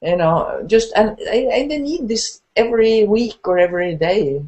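An older woman from Norway with a Norwegian accent, a horn teacher talking as a guest on a live video call, animated and laughing as she acts out her students. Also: mid-range voice, unhurried.

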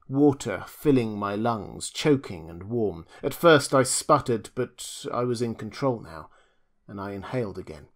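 Man reading a first-person audiobook. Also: fairly low pitch. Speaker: audiobook narrator.

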